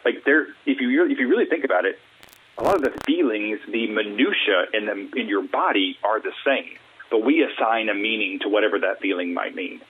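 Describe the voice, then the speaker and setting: A husky, low-voiced man from the Deep South speaks through a thin, tinny phone line. He talks earnestly and breaks into bright, acted-out snippets of small talk. His voice stays fairly low through it all. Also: fairly quick. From Alabama, US Deep South. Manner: animated, acts out quoted small talk. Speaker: guest, mental wellness coach.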